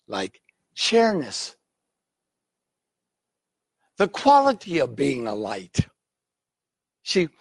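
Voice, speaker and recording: A male pastor delivers an animated teaching sermon, keeping his listeners with him through frequent check-ins. His voice sits a little high and swings widely in pitch, with a gravelly fry. The sound is close and dry. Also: no room sound.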